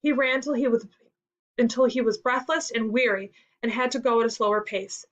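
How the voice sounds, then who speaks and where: A woman's voice: on the high side, moderate pace. Woman reading a story aloud. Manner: expressive storytelling. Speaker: story reader in a school reading lesson. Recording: dull lo-fi recording.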